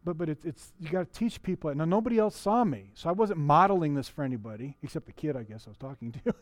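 A middle-aged male pastor delivers a sermon in a relaxed, conversational way, often restarting his sentences and putting questions to the congregation. His voice sits a little high for a man. The sound is dry and close, with little room echo. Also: quick pace. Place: church.

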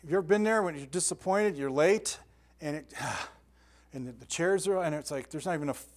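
An older man giving a sermon as pastor, telling lively stories with sound effects and asides. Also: a little high, fairly quick.

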